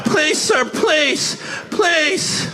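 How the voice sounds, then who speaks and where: A pestering woman passenger in a high, bright, whiny voice, put on by a male comedian. She pleads insistently and repeats herself without giving up. Faint noise sits behind her. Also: expressive, drawn-out words, some chatter behind, exaggerated voice. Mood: pleading. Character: pleading woman passenger begging to swap seats.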